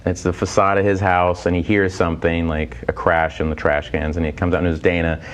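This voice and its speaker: A man telling a comedy-writing anecdote in a podcast chat, animated and laughing through his story. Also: low voice, a little fast. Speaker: guest comedy writer.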